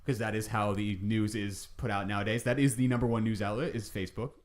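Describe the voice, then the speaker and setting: A man's voice: on the low side, steady tone, fast talker. A man co-hosting a podcast, joking dryly in casual chat and reading out news stories. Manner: dry, joking, reads news stories aloud. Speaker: podcast co-host.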